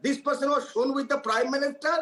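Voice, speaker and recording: A man's voice: extremely high pitch, fairly even intonation, brisk, fairly bright tone, reverberant, poor audio. A man arguing combatively in a heated TV debate, stumbling and restarting as he accuses his opponents. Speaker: political party spokesperson.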